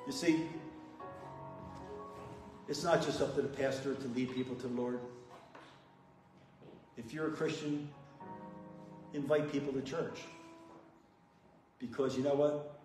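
Pausing often at a measured pace, a man with a medium-pitched, darkish voice and fairly even intonation shares his testimony at a recovery meeting. He speaks plainly and earnestly, picked up by a distant mic in an echoey hall with music playing.

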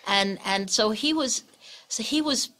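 A woman's voice: fairly high pitch, a little slow, bright, forceful tone. An older woman, a guest actress, recalls old times in a casual interview, rambling and restarting her sentences as she searches for details. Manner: rambling, hesitant recollection with restarts.

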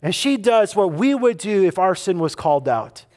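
High-pitched guy preaching at church, chatty but punchy, keeps repeating lines for emphasis. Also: very animated, moderate pace, a little mellow. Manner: conversational preaching with emphatic repetition. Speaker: pastor. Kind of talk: sermon. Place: church service.

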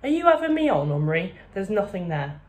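A woman's voice: on the low side, moderate pace, darkish tone, close to an everyday voice. Brief: woman reads puzzled art teacher, dazed, storybook voice. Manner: dazed, disbelieving.

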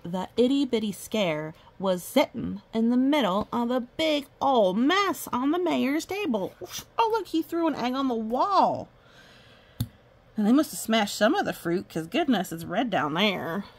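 A woman's voice: on the high side, big pitch swings, a little slow. A woman reading a children's picture book aloud, chatting and delighting over the illustrations. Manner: chatty, amused, commenting on pictures. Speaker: storybook reader.

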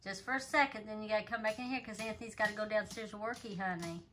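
Woman at home, pet owner, soft cooing baby talk to a bird, faint background noise. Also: mid-range voice, fast. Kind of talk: casual talk to a pet parrot.

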